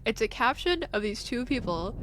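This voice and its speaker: A young woman chats casually over her gameplay stream with a voice that sits a little high. She giggles often, swears freely and teases her viewers. A faint hum of noise sits under her talk. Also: sing-song, moderate pace, fairly bright tone. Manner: giggly, profane, teasing toward chat.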